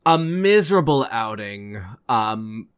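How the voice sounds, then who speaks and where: A man co-hosting a casual podcast, playful and quick to laugh, swearing casually as he talks. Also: medium pitch, sing-song, clean tone. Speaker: podcast co-host.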